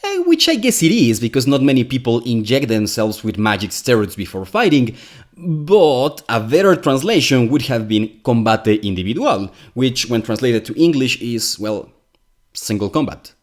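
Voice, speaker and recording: A man whose first language is Spanish talks in a wry, exasperated way. He delivers a scripted commentary at a middling pitch. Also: lively intonation, normal speed. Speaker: commentary video host.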